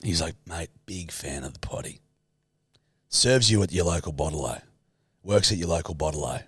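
Sweary guy, lively low voice. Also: normal speed, breathy edge, no room sound, studio quality. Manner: swears freely, acts out his own stories. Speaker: podcast co-host. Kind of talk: casual banter.

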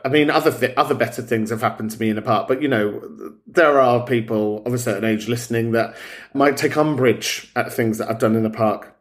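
A man's voice: medium pitch, brisk. A man hosting a podcast, cheeky and sweary in casual chat. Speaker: podcast host.

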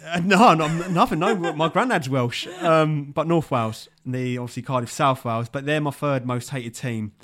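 A man's voice: on the high side, moderate pace, hardly any pauses, a bit bright. A young man co-hosting a football podcast in casual chat, laughing easily and calling his co-host mate. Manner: chatty, laughs easily, says mate a lot.

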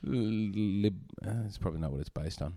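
A man's voice: deep voice, moderate pace, mellow. A man, hosting a comedy podcast and rambling playfully in casual chat. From Australia. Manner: rambling, jokey, daydreaming aloud.

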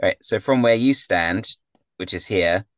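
A man's voice: low-pitched, normal speed, no echo. A man narrating as game master, describing scenes with many ums and uhs. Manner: descriptive with frequent fillers.

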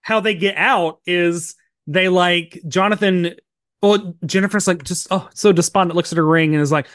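A man's voice: high-pitched, moderate pace, fairly bright tone, dry recording, clean studio sound. A man co-hosting a podcast, chatting casually as he recaps a TV episode, full of "like" fillers and acted-out snippets of dialogue. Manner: chatty, many "like" fillers, acts out bits of dialogue. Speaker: podcast co-host.

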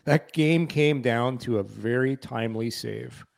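A man co-hosting a hockey podcast, ribbing the others and telling animated stories in casual chat. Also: medium pitch, measured pace, gravelly. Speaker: podcast co-host.

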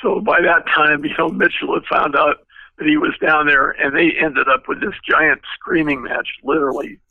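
A man's voice: fairly high pitch, little pitch movement, normal speed, vocal fry, no room sound, phone-quality sound. An older man, a guest car designer, telling long rambling anecdotes with many fillers in an interview. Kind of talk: storytelling interview.

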